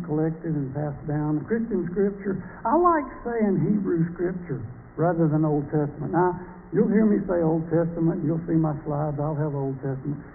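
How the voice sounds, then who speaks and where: Man, church class teacher, joking and chatty, slightly high voice, tinny phone-like line, faint hiss. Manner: joking, chatty, quizzes the audience.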